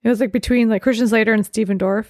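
A woman's voice: fairly high pitch, fairly even intonation, fast, a little mellow, dry recording, studio quality. A woman in her forties co-hosting a casual movie podcast, chatty and recapping scenes. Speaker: podcast co-host. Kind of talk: casual chat about movies.

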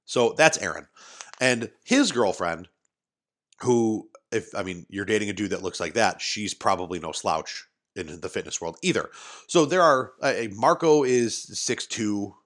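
Low-voiced rambling storyteller man. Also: lively intonation, a little slow, fairly bright tone. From Western New York. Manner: rambling, many restarts and asides. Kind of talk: casual storytelling. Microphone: studio mic, adjusted mid-talk.

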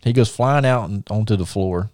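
A man's voice: fairly low pitch, moderate pace, darkish tone, dry recording, clean studio sound. A man hosting a podcast, telling stories casually in a rambling way, repeating words and laughing at his own tales. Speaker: podcast host and wrestling promoter. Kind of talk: casual storytelling.

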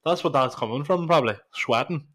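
A man's voice: on the high side, fairly quick, a bit bright. Young man, podcast co-host, casual, sweary, laughs a lot. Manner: laughs often, swears freely. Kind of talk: casual chat.

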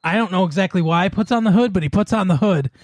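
Man, podcast co-host, casual chat, laughs a lot, slightly high voice, dry close sound. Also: fast, dry recording. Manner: laughs often, rattles off lists.

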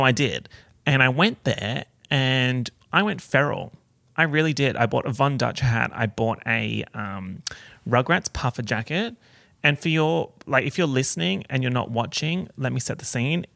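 A man with a mid-range, gravelly, slightly bright voice hosts a casual solo podcast, chatty and campy, loaded with slang and swearing. It was captured on a portable recorder with no room sound.

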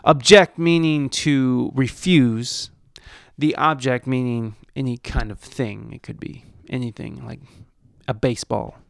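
A man hosting an English lesson podcast, slowly reading and explaining example sentences. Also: medium pitch, fairly even intonation, gravelly, a little mellow, dry recording. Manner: slow, deliberate, reads example sentences aloud. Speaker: host.

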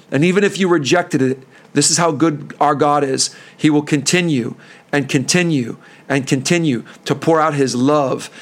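A man hosting a preaching podcast, fervent and earnest, who voices pleading prayers. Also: a little high.

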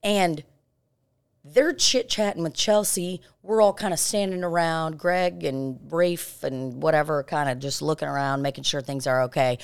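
A woman hosting a podcast, telling a story in a casual, animated and very profane way. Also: sits low, normal speed, clear, resonant tone. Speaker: podcast host.

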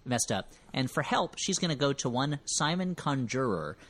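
A man's voice: medium pitch, animated, normal speed, fairly bright tone. A man hosting a podcast, recapping a movie in casual chat with wry, rambling asides and frequent self-corrections. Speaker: podcast host.

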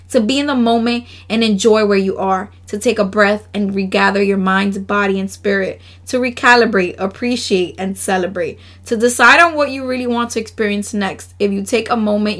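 A woman's voice: mid-range voice, a bit bright. Laughing, chatty woman podcast host. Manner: chatty, laughs often, slangy asides; earnest, emotional. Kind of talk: casual solo podcast, reading oracle cards.

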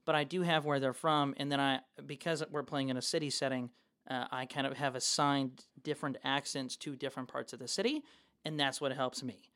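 A man's voice: medium pitch, steady tone, brisk, a bit bright, smooth. A man co-hosting a podcast as a game master, rambling casually and swearing freely. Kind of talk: casual chat.

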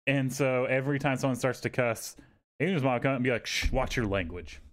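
A man's voice: medium pitch, a little fast. A man on a podcast telling a rambling, profane story and acting out the people in it. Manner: animated, swearing, acts out quotes in raised voices. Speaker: podcast co-host. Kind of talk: casual storytelling chat.

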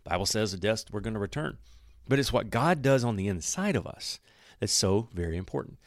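A man hosting a podcast and teaching the Bible in a relaxed, conversational way, often correcting himself mid-sentence. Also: lowish voice, brisk, no echo, clean studio sound. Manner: warm, conversational storytelling with self-corrections.

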